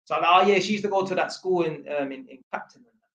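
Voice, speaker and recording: A man's voice: on the high side, fast, fairly bright tone, lo-fi sound. A man, an electrician telling a long, slangy, rambling story for his vlog, full of fillers and restarts. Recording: roomy echo.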